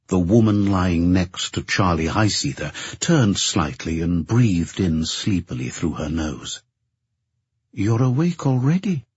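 A man reading a novel aloud as a narrator, in a slow, measured way. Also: sits low, no echo. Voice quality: husky. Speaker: audiobook narrator. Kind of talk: scripted narration. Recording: dull lo-fi recording.

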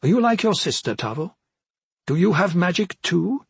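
Man doing a stern old woman in black, cold and threatening, measured delivery, raised pitch, husky. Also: dry recording, heavily acted.

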